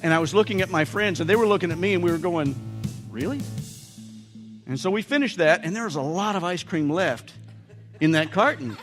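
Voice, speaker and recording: American man, pastor preaching, humorous storytelling, slightly high voice, long church reverb, faint music behind. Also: quick pace, fairly bright tone. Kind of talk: sermon. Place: church sanctuary.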